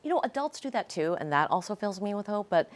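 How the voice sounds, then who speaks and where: A woman's voice: mid-range voice, very animated, fast talker. A middle-aged woman author talking earnestly and animatedly in an interview, telling stories with feeling. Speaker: author guest. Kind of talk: casual interview chat.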